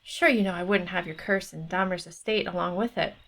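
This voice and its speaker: A woman's voice: lowish voice, a little fast, fairly bright tone. A woman reading an eager young country lad. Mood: cheerful.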